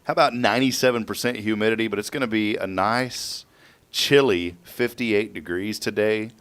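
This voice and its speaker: A man's voice: on the low side, normal speed, fairly bright tone. A man hosting a morning radio show, chatting in a jokey, upbeat way, teasing his guests and giving the weather. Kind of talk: casual morning radio chat.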